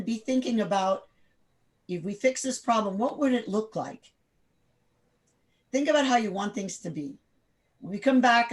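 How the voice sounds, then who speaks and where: A woman leading an interactive online class over a video call, direct and firm, quizzing the group with quick questions. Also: mid-range voice. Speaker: workshop instructor.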